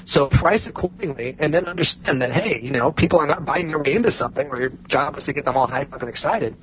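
A man with a slightly higher voice talks as a podcast guest, pressing his points and repeating them for weight. A faint hiss sits under the recording. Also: fast, low-quality recording. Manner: emphatic, repeats points for stress. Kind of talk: casual chat.

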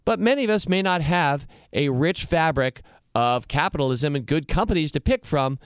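Man, podcast host, smooth voice, dry close sound, earnest, answering listener questions. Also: a little high, animated, moderate pace, no room sound.

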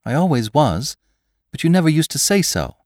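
A man's voice: very animated, moderate pace, no echo, studio quality. A man doing a pert young peasant maiden. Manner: high, bright, teasing and indignant. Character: lively peasant maiden, young innkeeper's girl.

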